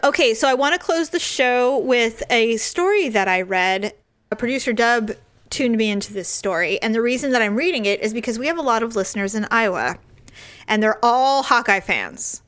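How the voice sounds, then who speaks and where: Woman podcast co-host, slightly high voice, chatty, quick to laugh and tear up. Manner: chatty, laughs often, animated storytelling; gets emotional, choked up while reading. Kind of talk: casual chat.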